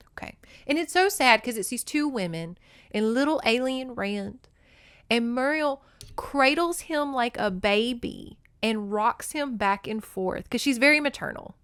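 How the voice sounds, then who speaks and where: A woman's voice: on the high side, lively intonation, moderate pace, fairly bright tone, clean tone, no room sound, clean studio sound. A woman hosting a podcast, giving an emotional casual recap of a novel and talking straight to her listeners. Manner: gushing and emotional, talks to listeners as y'all. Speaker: podcast host.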